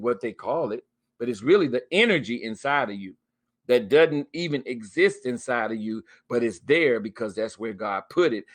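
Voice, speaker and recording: A man hosting a live spiritual talk, speaking casually and preaching about fear, with scripture quotes and soft laughs. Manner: pitch swings up and down a lot on emphasis. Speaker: host of a spiritual talk stream. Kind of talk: casual spoken encouragement. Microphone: webcam or phone mic, live stream.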